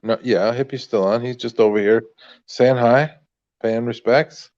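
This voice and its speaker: A man's voice: mid-range voice, steady tone, a little slow, a little mellow, muffled recording. A man from Canada, chatting in a brash, profane way. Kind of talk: casual chat.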